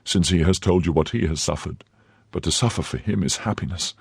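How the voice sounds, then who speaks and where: A man's voice: low-pitched, a little fast, vocal fry, husky, no room sound, studio quality, full character voice. A man voicing a young, trusting and lovesick novice nun in a raised, earnest tone. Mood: pleading.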